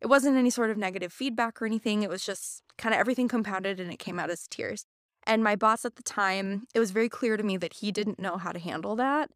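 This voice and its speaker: A woman's voice: mid-range voice, fast talker, no echo, studio quality. A young adult woman co-hosting a podcast, telling a personal story candidly and earnestly in casual chat. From United States. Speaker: podcast co-host.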